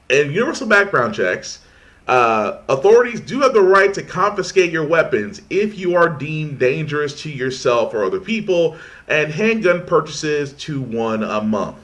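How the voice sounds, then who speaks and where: A man ranting in casual commentary, animated and repeating himself for emphasis. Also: fairly high pitch.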